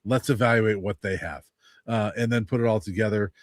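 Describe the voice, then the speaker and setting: A man who covers college football as a beat writer, explaining his view as a guest in a calm, measured way. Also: on the low side, no echo, clean studio sound. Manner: measured, explanatory, many fillers. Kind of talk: sports analysis, casual.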